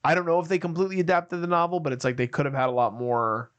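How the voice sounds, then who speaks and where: A man co-hosting a film review podcast, talking casually and acting out movie scenes with quick quoted voices. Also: on the high side, little pitch movement, smooth, dull audio. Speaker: podcast co-host.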